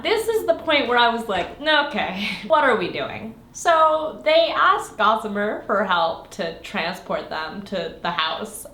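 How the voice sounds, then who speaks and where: A young woman with a high, bright, forceful voice casually recaps a fantasy novel she's reviewing. As a book reviewer, she sounds sarcastic and exasperated and leans heavily on "like." The room around her is echoey.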